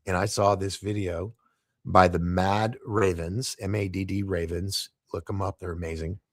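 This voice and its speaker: A man guest on a podcast, telling a story in a casual, animated way, laughing often and stumbling over his words. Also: low voice, normal speed, dry recording, studio quality.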